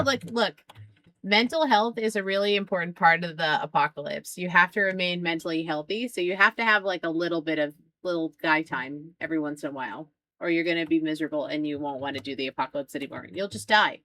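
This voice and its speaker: A woman's voice: fairly low pitch, fast talker, pushed and bright. A woman streaming a game live, chatting with her viewers in a playful, teasing way and laughing often. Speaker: streamer playing a farming game.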